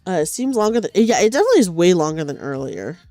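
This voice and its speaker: A sleepy woman streamer talking casually from her couch. Her pitch bounces around a lot even when she is tired, and she rambles and restarts her sentences. The sound is dry and close, with faint music playing underneath. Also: rapid-fire, dry recording. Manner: rambling, self-correcting, chatty. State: sleepy, low energy. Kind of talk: casual chat while knitting. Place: at home on a couch.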